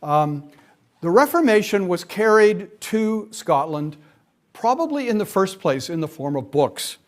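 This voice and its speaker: Male lecturer, middle-aged, slightly high voice, halting delivery with fillers and wry asides. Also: sing-song. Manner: frequent fillers, dry asides. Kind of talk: classroom lecture.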